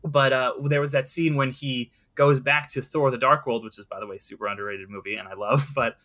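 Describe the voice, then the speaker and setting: Young man, bright voice, casual movie chat, lots of fillers, earnest. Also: medium pitch, steady tone, brisk.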